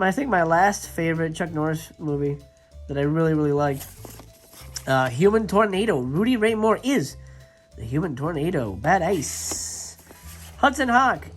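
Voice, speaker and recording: A man hosting a casual video tour of his movie collection, talking enthusiastically and rambling with lots of fillers and restarts. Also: sits high. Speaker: YouTube host. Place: home movie room.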